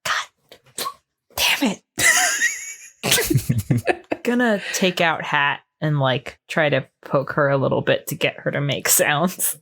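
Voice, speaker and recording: Woman player, animated, joking, impatient. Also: low voice, takes it slowly, pauses often. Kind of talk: casual tabletop play.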